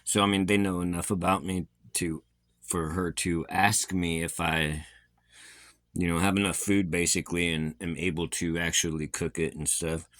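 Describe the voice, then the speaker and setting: A man's voice: low-pitched, little pitch movement, normal speed, a bit bright, no room sound, studio quality. A man vlogging casually, rambling with many fillers and restarts, his speech a little slurred from a facial injury so that he sounds like he has false teeth.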